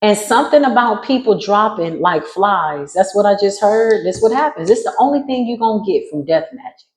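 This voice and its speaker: A woman giving a spiritual reading in a casual monologue, brash and sassy, swearing freely and jumping into sudden high squeals. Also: expressive, normal speed, darkish tone, roomy sound, poor audio. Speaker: spiritual reader.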